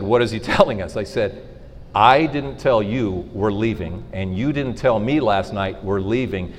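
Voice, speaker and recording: A middle-aged man giving an inspirational faith talk to a live audience, telling stories and acting out the dialogue in them. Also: mid-range voice. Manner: storytelling, animated, acts out dialogue. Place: school hall. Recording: reverberant hall.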